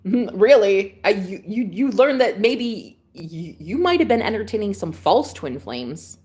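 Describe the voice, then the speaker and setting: A young woman coaching her viewers on twin flames in a casual vlog rant. She talks with sassy conviction and peppers her speech with profanity. Her loud laughs break up the lecture. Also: mid-range voice, sing-song, measured pace, breathy edge.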